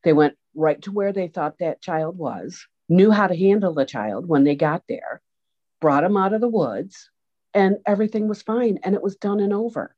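A woman telling stories in an interview, lively, acting out the voices of the people she quotes. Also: fairly low pitch, moderate pace. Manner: animated storyteller, acts out quoted voices. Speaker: guest, autism program organizer. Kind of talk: storytelling interview answers. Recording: dull lo-fi sound.

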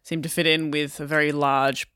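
A woman's voice: deep voice, little pitch movement, moderate pace, fairly bright tone, smooth, no echo, clean studio sound. A woman narrating her moves in a tabletop role-play, hesitant and thinking aloud. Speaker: player.

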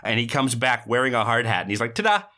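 A man chatting on a podcast, retelling movie scenes in an animated way. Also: medium pitch, quick pace. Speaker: podcast co-host. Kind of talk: casual movie recap chat.

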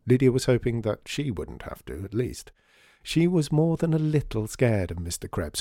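Brief: low-voiced man, lively storyteller, dry booth sound. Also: no room sound. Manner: expressive storytelling. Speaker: narrator. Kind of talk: audiobook narration.

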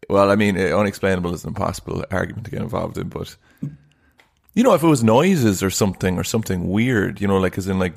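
A man's voice: low voice, animated, fast, creaky, husky. A man co-hosting a podcast, chatting casually, teasing and skeptical. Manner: skeptical, teasing, laughs often. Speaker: podcast co-host. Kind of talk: casual chat.

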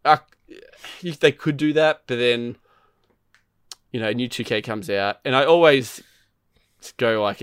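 Male podcast co-host, mid-pitched, rambling and profane, close dry sound. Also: measured pace, long pauses, clear, resonant tone, no room sound. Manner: rambling, profane, animated storytelling. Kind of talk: casual gaming chat.

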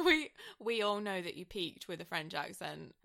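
A woman's voice: medium pitch, sing-song, measured pace, vocal fry, pushed and bright. A woman co-hosting a podcast in casual chat, giggly and teasing. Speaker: podcast co-host.

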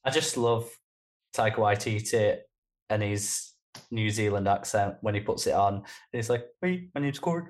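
A man in a relaxed podcast chat. He chimes in with short remarks. He often jokes as he speaks. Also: lowish voice, moderate pace. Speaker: podcast co-host. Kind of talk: casual chat.

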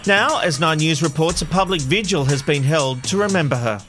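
Bright-voiced man hosting a crime podcast. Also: on the high side, lively intonation, brisk, soft background music. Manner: jokey, presents news items. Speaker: podcast co-host. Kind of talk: true crime podcast chat.

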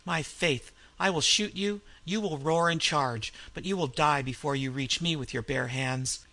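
Male narrator as scheming French highwayman; cold, measured threats in a bright, lifted voice. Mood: menacing.

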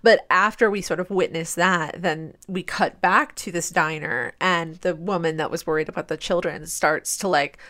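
Female co-host, lowish pitch, eager and talkative. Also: steady tone, normal speed, few pauses, bright, forceful tone. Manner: enthusiastic, talkative. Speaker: podcast co-host. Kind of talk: casual film discussion.

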